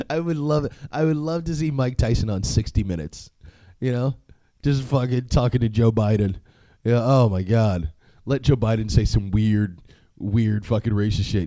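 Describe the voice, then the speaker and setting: A man's voice: mid-range voice, very animated, a little slow, pauses often, dark tone, dry recording. A young man hosting a solo podcast, talking casually in a profane, rambling way, with frequent laughs and filler words. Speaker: podcast host.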